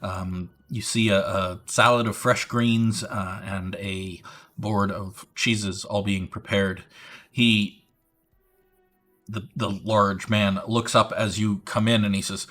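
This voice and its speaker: A man narrating as dungeon master, relaxed, with many fillers. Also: lowish voice, takes it slowly. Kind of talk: narrating a tabletop game.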